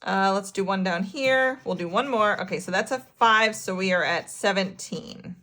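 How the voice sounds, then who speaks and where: An excitable woman hosting a casual budgeting vlog, counting cash aloud and narrating her savings. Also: medium pitch, moderate pace. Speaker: budgeting channel host.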